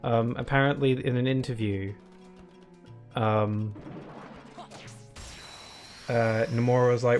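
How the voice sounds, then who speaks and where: A young man talks through his game session in a loose, rambling way, circling back and restarting his thoughts as he goes. His voice sits at an ordinary middle pitch. Faint game music plays softly behind him. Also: fairly even intonation, takes it slowly, long pauses. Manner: rambling, restarts sentences, chuckles often. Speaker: streamer. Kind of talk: casual gameplay commentary.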